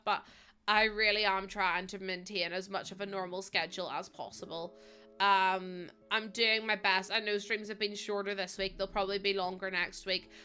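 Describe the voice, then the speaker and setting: A young woman streaming to her chat, talking casually while in pain after surgery, apologetic and emotional, pausing to breathe through it. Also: mid-range voice, pushed and bright. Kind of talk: casual chat to a livestream audience.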